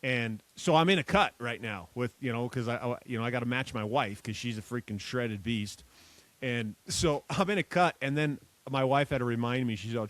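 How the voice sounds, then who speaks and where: Male podcast co-host, mid pitch, dry close sound, animated and self-mocking, swears freely. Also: brisk, no echo. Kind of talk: casual chat.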